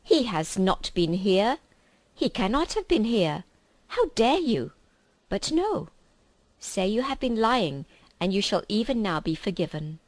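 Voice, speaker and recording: A woman's voice: mid-range voice, expressive, takes it slowly, dry recording. A woman voicing a cold, imperious witch queen who speaks in a commanding, contemptuous way in a storybook reading.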